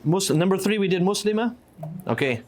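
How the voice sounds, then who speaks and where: Relaxed man teaching a class. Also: high voice, fairly quick, a little hiss or hum. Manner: relaxed, joking, explains by reading examples aloud. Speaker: Arabic teacher. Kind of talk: classroom lesson with students.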